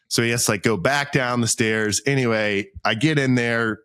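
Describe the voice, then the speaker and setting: A man co-hosting a podcast, telling a long self-mocking anecdote in a casual, animated way, acting out what people said. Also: medium pitch, a little fast, hardly any pauses, no room sound, clean studio sound. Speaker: podcast co-host. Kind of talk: casual storytelling chat.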